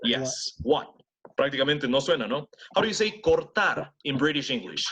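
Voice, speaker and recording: Lively bilingual English teacher. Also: male voice, mid-range voice, a little fast, slight background noise. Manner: switches between English and Spanish, drills students with repeated words. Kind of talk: online class teaching pronunciation.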